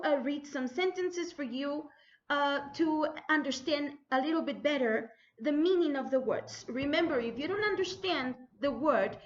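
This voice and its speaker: A woman teacher gives a spelling dictation, enunciating each word slowly and carefully, then saying it again. Her voice sits high and swings widely in pitch. The recording sounds dull and lo-fi. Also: slight background noise. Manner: slow, careful enunciation of words; repeats words for students.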